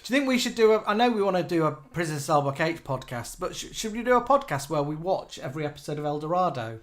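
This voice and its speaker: A man's voice: a little high, lively intonation, fast. Giggly English man co-hosting a chat. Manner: chatty, giggly, reads out comments. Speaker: podcast co-host. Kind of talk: casual chat reading viewer comments.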